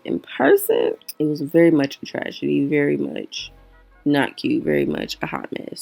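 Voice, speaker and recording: A young woman narrating her makeup tutorial in a chatty, slangy way, often correcting herself, with a deep morning voice. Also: gravelly, mellow. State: low, gravelly morning voice. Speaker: beauty vlogger. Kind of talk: casual voice-over for a makeup tutorial.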